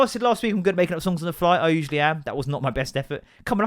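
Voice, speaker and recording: A man hosting a podcast, telling comic stories in a sweary, animated, sarcastic way. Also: a little high, very fast, few pauses, dry recording. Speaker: podcast host. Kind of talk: comic storytelling monologue. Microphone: podcast microphone.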